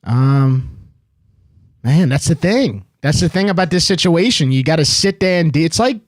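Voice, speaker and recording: A man's voice: fairly high pitch, expressive, moderate pace, no room sound, studio quality. A man hosting a call-in sports show, talking in a loose, rambling way with plenty of "um" and "dude.". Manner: laid-back, loose and rambling, lots of "um" and "dude". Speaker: host. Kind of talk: casual sports talk.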